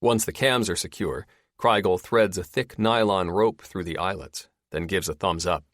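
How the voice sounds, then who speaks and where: Expressive male audiobook narrator, low voice. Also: normal speed, no echo, studio quality. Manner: expressive storytelling. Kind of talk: scripted narration.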